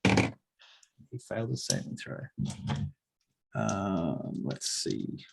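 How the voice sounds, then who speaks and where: A man working as game master, briskly calling for rolls and narrating the action. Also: fairly low pitch, big pitch swings, gravelly, a little hiss or hum. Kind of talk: running a tabletop game.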